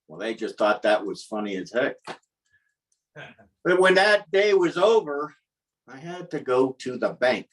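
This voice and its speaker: A man's voice: medium pitch, big pitch swings, a little slow, pauses often, recorded from a distance, slight background noise, rough recording. A man telling a comic personal story at a live storytelling event, wry and self-mocking.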